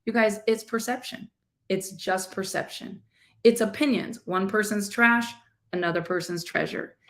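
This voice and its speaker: A woman's voice: mid-range voice, moderate pace. A middle-aged woman and life coach, chatting casually as she retells a story and acts out the people in it. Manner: chatty, animated retelling with quoted voices.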